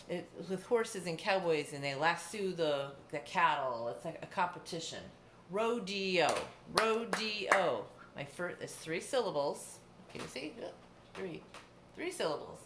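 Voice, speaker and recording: A middle-aged woman teacher giving a distance-learning lesson, patiently explaining step by step with examples. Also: fairly low pitch. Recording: echoey room, faint background hum.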